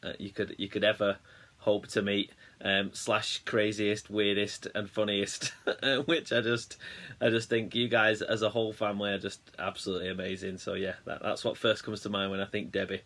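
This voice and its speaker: A man recording a birthday video message, talking haltingly with many restarts. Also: fairly low pitch, level tone, a bit bright.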